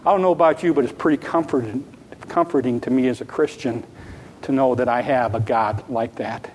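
A man's voice: mid-range voice, brisk, darkish tone, slight background noise. A man preaching a sermon, earnest and repetitive, sometimes acting out a child's pleading prayer. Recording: long reverb of a large hall.

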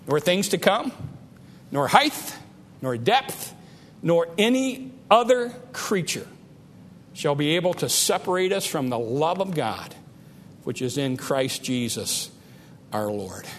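Man, high voice, slow deliberate sermon, emphatic peaks, echoing church hall. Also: a little hiss or hum. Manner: emphatic, builds to loud peaks then drops low; repeats and restarts words. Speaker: preacher.

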